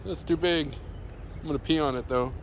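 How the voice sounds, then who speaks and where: A man voicing the thoughts of his young male dog in a casual, deadpan way. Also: a little high, fairly quick, dull audio, a little hiss or hum, pitched above the performer's own voice, close to an everyday voice. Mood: amused.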